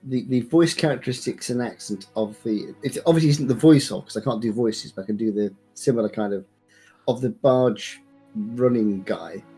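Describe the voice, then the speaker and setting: Husky-voiced guy at a tabletop game, stumbles over his words, some music under it. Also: mid-range voice, warm tone. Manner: halting, stumbling speech with laughs. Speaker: player. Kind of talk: casual tabletop play.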